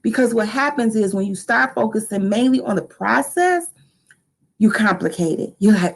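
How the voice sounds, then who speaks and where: A middle-aged woman hosting a live motivational talk, lively and animated, acting out excited quotes. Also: fairly high pitch, moderate pace, creaky, poor audio. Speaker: motivational live-stream host.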